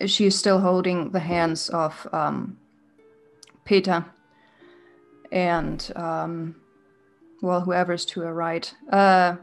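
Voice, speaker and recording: A woman game master narrating a tabletop game in a slow, descriptive, atmospheric way. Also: lowish voice.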